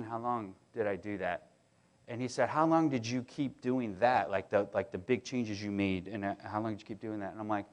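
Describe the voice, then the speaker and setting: A middle-aged man preaching a sermon, talking in a casual, animated way and often restarting his sentences as he tells stories. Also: fairly low pitch, fairly quick. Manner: conversational, animated storytelling with many restarts. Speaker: pastor.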